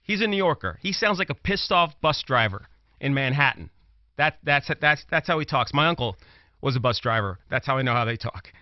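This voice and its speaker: A man's voice: mid-range voice, expressive, fairly quick, no echo. A man from Brooklyn, arguing his political commentary with emphasis and repeating phrases as he presses his point. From Brooklyn, New York. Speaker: commentator, former prosecutor. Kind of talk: political commentary talk show. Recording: dull lo-fi dry sound.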